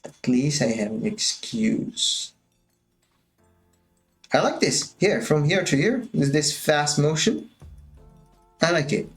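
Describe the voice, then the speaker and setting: A man's voice: on the high side, sing-song, slow pace, gravelly, soft background music. A man casually thinking aloud as he walks through his animation work on a stream, musing and drifting a little, with a touch of self-amusement.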